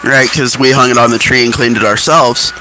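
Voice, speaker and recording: A man's voice: mid-range voice, fairly even intonation, fairly quick, bright, forceful tone, low-quality recording. A man casually telling rambling stories and musing aloud, offhand and profane. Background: music.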